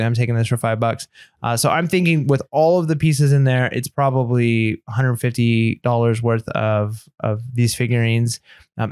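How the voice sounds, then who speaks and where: A man co-hosting a casual podcast, talking quickly and rambling with many fillers and restarts. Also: mid-range voice, no echo, clean studio sound. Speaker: podcast co-host.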